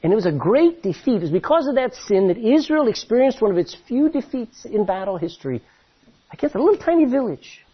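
A man preaching a sermon as pastor, telling stories in an animated way with many restarts, his voice a little husky. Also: extremely high pitch, a little fast, dull audio.

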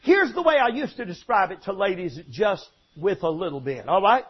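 Brief: older male pastor, husky high voice, animated sermon delivery, dull lo-fi recording. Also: moderate pace. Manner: animated, emphatic preaching with stammered restarts and sudden shouts.

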